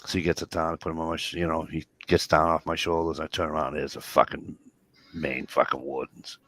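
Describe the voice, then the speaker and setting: A middle-aged man telling profane, lively stories in casual chat. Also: a bass voice, brisk, a little hiss or hum. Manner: profane, animated anecdote telling.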